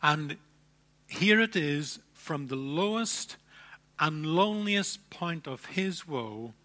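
Bright-voiced man preaching slowly. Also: on the high side. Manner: emphatic preaching with dramatic pauses and repetitions. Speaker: pastor. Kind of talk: sermon.

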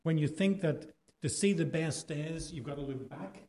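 Irish male preacher, slightly high, warm tone, chatty sermon delivery with rhetorical questions. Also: moderate pace. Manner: conversational, rhetorical questions, varied pace.

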